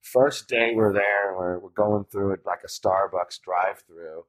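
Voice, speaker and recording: A man's voice: low-pitched, fairly even intonation, unhurried, a crowd in the background. A man hosting a casual chat who rambles and teases. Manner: teasing, rambling. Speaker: host.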